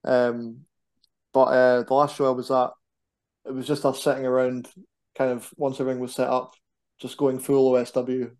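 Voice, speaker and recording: A man, a wrestler, chatting casually as a podcast guest in an animated, rambling, self-deprecating way. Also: medium pitch, moderate pace. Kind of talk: casual chat.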